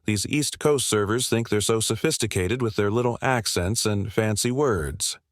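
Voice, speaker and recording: A brash, rude male diner from Texas who sneers and complains at everyone, read by a man. The voice sits low and dry, with little room sound around it. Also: moderate pace, no echo, natural voice. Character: loud rude middle-aged male Texan diner.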